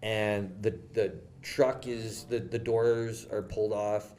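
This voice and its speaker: A man's voice: fairly low pitch, slow, a little hiss or hum. A young Canadian man on a podcast, telling a story casually with many fillers and acted-out quotes. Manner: animated, lots of fillers, quoted dialogue. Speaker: podcast guest.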